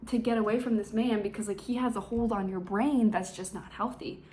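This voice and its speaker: A woman's voice: medium pitch, fairly even intonation, fairly quick, a little mellow, natural voice. A woman voicing a blunt young female friend who talks in an incredulous, scolding way. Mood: exasperated.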